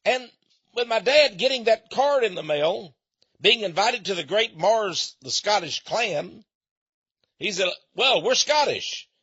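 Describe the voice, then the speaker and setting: High, lively-voiced man with a husky edge. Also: unhurried, no room sound, lo-fi sound. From Texas, USA. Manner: chatty storyteller, chuckling asides. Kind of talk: folksy monologue.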